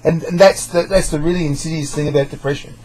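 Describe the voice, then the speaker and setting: A man's voice: a little high, steady tone, fast, a loud crowd, low-quality recording. A man in a casual support group talk, explaining points and repeating words as he starts.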